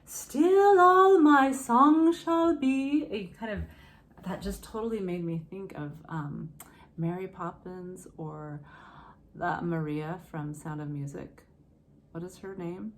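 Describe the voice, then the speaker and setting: Chatty woman teaching singing, slow talk. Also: sits low, fairly even intonation, darkish tone, a little hiss or hum. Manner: chatty, encouraging, breaks into sung hymn phrases. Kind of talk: casual vocal lesson with sung demonstrations.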